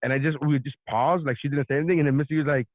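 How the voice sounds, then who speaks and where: A man's voice: a little high, fairly even intonation, rapid-fire, no echo. A man co-hosting a podcast, telling a rambling story in casual chat, laughing and swearing as he goes. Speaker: podcast co-host. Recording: tinny phone-like line.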